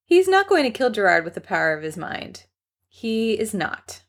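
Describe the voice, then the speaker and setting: A woman's voice: mid-range voice, big pitch swings, normal speed. A woman reading a fan story aloud in a wry narrating voice. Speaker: story reader.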